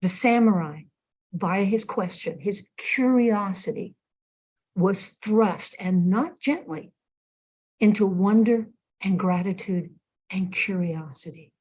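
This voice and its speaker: Slow, husky woman minister preaching. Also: mid-range voice. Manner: storytelling, slow and expressive. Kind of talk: sermon.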